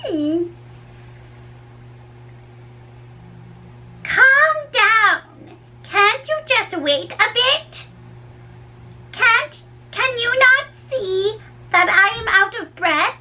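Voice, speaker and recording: A woman's voice: very high voice, expressive, takes it slowly, long pauses, bright, forceful tone, heavily acted. A woman reading a play aloud, voicing a fussy, teasing old nurse who groans and draws out her complaints. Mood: flustered. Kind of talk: dramatic reading.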